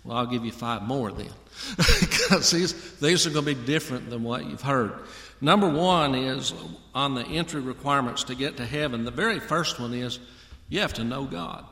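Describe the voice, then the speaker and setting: A man's voice: mid-range voice, fairly bright tone. A man preaching a folksy sermon and talking straight to his congregation. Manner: folksy, addresses congregation directly. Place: church auditorium. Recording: echoey hall with long reverb.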